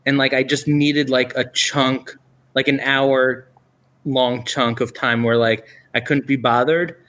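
A man co-hosting a podcast, chatting casually in a halting way, with many fillers. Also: mid-range voice, level tone, a bit bright. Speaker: podcast co-host. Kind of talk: casual chat.

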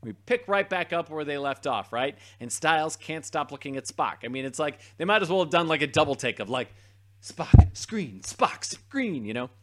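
A man's voice: on the high side, brisk, hardly any pauses. A man co-hosting a podcast, casually recapping a TV episode and acting out the scenes as he goes. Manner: lively retelling, acting out scenes. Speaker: podcast co-host.

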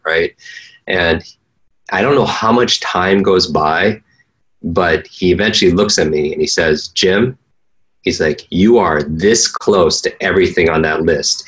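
Brief: earnest male interview guest, low-pitched, storytelling, stumbles and restarts often. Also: fairly bright tone, rough recording. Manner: earnest, frequent restarts and fillers. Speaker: interview guest, learning coach. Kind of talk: storytelling in conversation.

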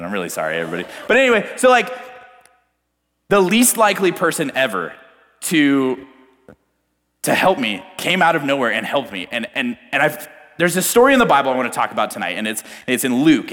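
A young man preaching in a casual, animated storytelling style, self-deprecating and full of fillers. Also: medium pitch. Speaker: pastor. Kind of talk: storytelling sermon. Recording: long hall reverb.

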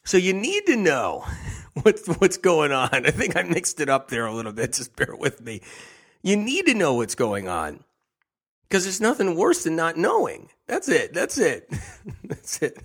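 A man talking at a middle pitch through a loose, unscripted health monologue. He rambles, circles back to the same phrases and chuckles at his own tangents. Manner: rambling, repeats phrases, laughs at himself. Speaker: health talk host.

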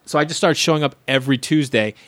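A man's voice: a little high, fast talker, no room sound. A man, a comedian telling stories from his early years in a casual chat, acting out the people he quotes and swearing freely. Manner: animated storyteller, acts out quoted voices, swears freely. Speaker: comedian guest.

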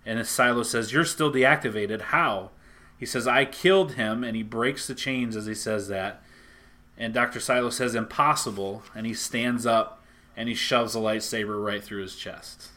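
A man casually retelling a comic book story to a friend, animated and acting out the lines. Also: mid-range voice, normal speed.

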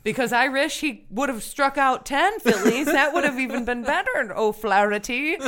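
A woman's voice: high voice, normal speed, a bit bright. A woman co-hosting a comedy podcast, rambling through absurd made-up sports stories and laughing mid-sentence. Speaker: podcast co-host. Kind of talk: comedic mock sports news banter.

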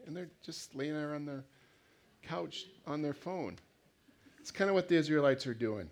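A man's voice: on the high side, expressive, a little slow, long pauses, a little mellow. A man preaching a sermon in a conversational way, putting questions to the congregation and reading scripture aloud. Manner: conversational, asks the congregation questions, acts out voices. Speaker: pastor.

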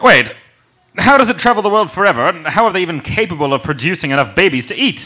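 A fretful English lord, played by a man, exclaims pompously in a high, animated voice. Every line is full of worried bluster. The voice carries a bright edge. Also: fast talker, exaggerated voice.

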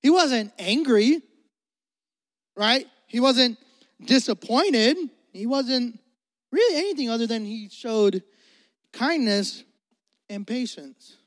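Male pastor, high voice, energetic joking sermon, long hall reverb. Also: slow, pauses often.

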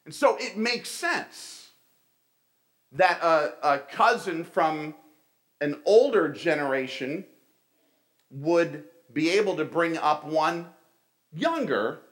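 A man's voice: fairly high pitch, fairly bright tone. A middle-aged man giving a conversational sermon, telling stories and calling his listeners folks. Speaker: pastor.

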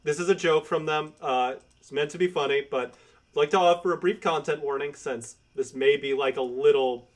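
Podcast co-host, man, slightly high voice, rambling, full of fillers. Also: moderate pace. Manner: rambling, hesitant, laughs often. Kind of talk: casual chat.

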